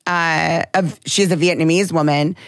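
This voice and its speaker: A woman's voice: sits low, steady tone, unhurried, no echo, clean studio sound. A woman co-hosting a podcast in casual chat, talking candidly and with emphasis. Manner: candid, emphatic, swears freely. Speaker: podcast co-host.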